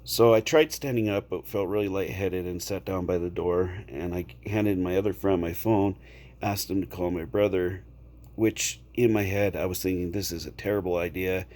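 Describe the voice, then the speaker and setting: A man casually telling a personal story to camera, unhurried, checking in with the listener now and then. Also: low voice, steady tone, darkish tone. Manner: unhurried, with fillers and repeated "okay?" check-ins.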